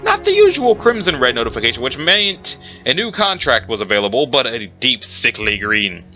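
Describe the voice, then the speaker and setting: A man's voice: medium pitch, wildly swooping pitch, normal speed, sharp tone. A man reading a story aloud casually, breaking off for chatty asides and correcting himself. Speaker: story reader. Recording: muffled recording with background music.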